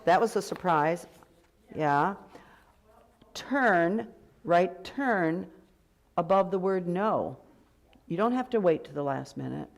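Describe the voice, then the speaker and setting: A woman's voice: on the low side, lively intonation, slow pace, gravelly, long pauses. A woman directing a choir rehearsal. She gives direct commands and breaks into sung phrases to demonstrate. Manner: sings short phrases to demonstrate.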